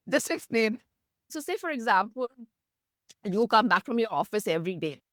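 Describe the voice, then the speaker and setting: Lively-voiced woman telling teaching stories. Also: moderate pace, dry recording, clean studio sound. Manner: gentle storytelling, lively pitch, laughs softly. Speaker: meditation teacher, guest. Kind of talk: explaining with stories in an interview.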